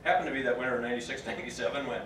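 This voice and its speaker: A man's voice: mid-range voice, steady tone, rapid-fire, very noisy. A man in his fifties giving a folksy, plain-spoken storytelling speech at a class reunion, sometimes choked up. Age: 50s. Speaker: reunion speaker. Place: large room at a class reunion. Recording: echoey room, picked up from a distance.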